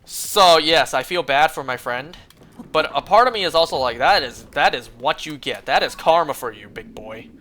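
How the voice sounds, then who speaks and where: Bright-voiced young man ranting casually. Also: fairly high pitch, expressive, normal speed. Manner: rambling, profane storytelling with many fillers. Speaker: streamer. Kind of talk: casual chat while gaming.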